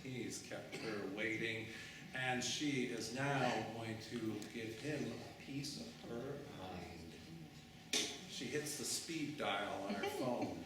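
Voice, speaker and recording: A man's voice: mid-range voice, takes it slowly, heavy background noise. A man preaching a sermon through dramatic storytelling. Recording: echoey room, mic far off.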